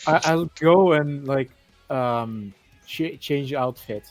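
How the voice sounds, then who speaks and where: A man playing in a tabletop game, hesitantly describing his turn with halting fillers. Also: mid-range voice, soft background music. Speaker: player.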